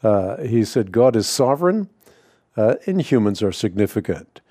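A middle-aged man answers a caller on a radio call-in show, speaking in a measured, thoughtful way. His voice is low and mellow, recorded dry and close in a studio. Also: big pitch swings, no room sound. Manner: measured, thoughtful, repeats words when starting. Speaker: radio Bible-answer host.

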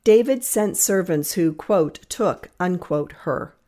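A woman giving a scripted reading of a commentary, measured, reading quotations aloud and marking each one. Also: fairly low pitch, animated, warm tone. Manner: measured, reads quotations aloud with "quote, unquote".

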